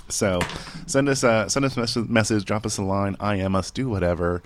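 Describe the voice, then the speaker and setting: Laid-back low-voiced male radio host. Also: brisk, a little hiss or hum. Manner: laid-back, rambling, swears casually. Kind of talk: casual radio chat.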